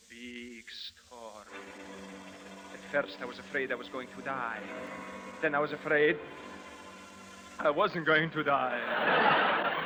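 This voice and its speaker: A man's voice: on the high side, rough recording. A man hosting a 1940s radio comedy, playing a pompous actor with a mock Russian accent in a theatrical manner. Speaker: comedian host. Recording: old radio recording with music.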